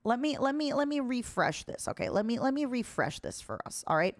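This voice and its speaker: A woman around forty from Ukraine, raised in Canada, chatting casually on a live stream as an animated storyteller who laughs often and jumps high and loud when amused. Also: a little fast.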